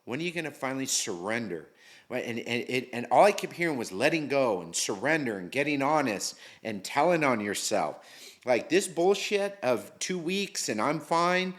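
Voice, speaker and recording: A man's voice: medium pitch, expressive, moderate pace. Candid middle-aged man telling his story. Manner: candid, slangy, swears freely. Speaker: interview guest. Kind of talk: casual storytelling.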